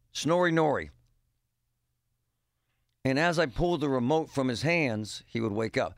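Gravelly-voiced man joking on radio. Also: mid-range voice, animated, unhurried, long pauses, no room sound, studio quality. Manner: joking, rambling, emphatic with punchy exclamations. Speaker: radio show host. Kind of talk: casual talk-radio monologue.

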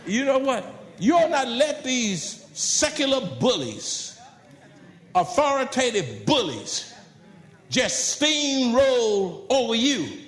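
Lively high-voiced preacher in an echoey room. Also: male voice, takes it slowly. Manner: preaching with big swings from loud calls to low asides. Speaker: pastor. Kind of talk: sermon.

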